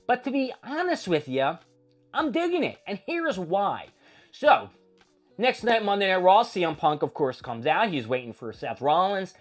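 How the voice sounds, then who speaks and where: A man's voice: high-pitched, normal speed, faint music behind. Profane man recapping wrestling. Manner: profane, animated storytelling. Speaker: host.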